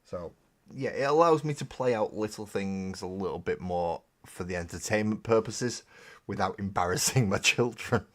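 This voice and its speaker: A man's voice: on the low side, moderate pace. A man hosting a live stream, chatting casually and rambling with self-mocking humor while painting miniatures.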